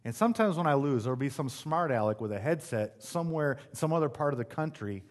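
A man preaching from the pulpit at a middle pitch, talking straight to the congregation. He is casual and emphatic by turns and throws in quick asides to the crowd. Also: lively intonation. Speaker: pastor. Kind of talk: sermon.

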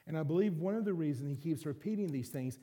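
A man preaching a sermon as pastor, animated, acting out little voices and quotes. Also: a little high, fast.

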